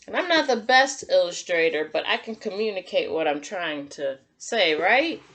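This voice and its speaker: A woman teacher giving a gentle, encouraging drawing lesson to young children and talking through each step as she draws. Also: mid-range voice, lively intonation, normal speed. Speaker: kindergarten teacher.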